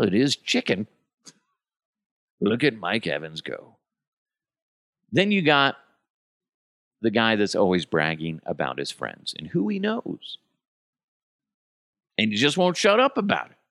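Man, podcast host, lowish voice, very animated pitch, profane mocking monologue. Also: normal speed, pauses often, no echo, clean studio sound. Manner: mocking, profane, breaks into impressions.

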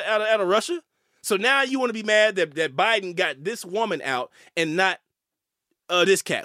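In clean, echo-free studio sound, a high-pitched male host delivers opinionated commentary. He's animated and emphatic, swearing as he goes, with fillers and repeated words.

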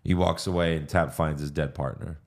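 A man's voice: rumbling low, fairly even intonation, a little fast, darkish tone. A man co-hosting a podcast, casually recapping a movie plot with fillers and swearing. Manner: recounts plot with fillers and acted quotes. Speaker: podcast co-host.

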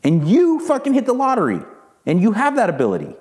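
Male podcast host in his forties, heated profane rant with a lively, swinging delivery. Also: sits high, fast. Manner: heated, profane, repeats words when worked up. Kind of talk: ranting monologue.

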